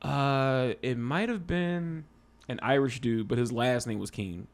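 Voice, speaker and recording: A man's voice: medium pitch, a little slow. Laid-back rambling man from Philadelphia. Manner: rambling, laid-back storyteller who laughs at himself. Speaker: podcast guest, stand-up comedian. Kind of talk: casual podcast chat.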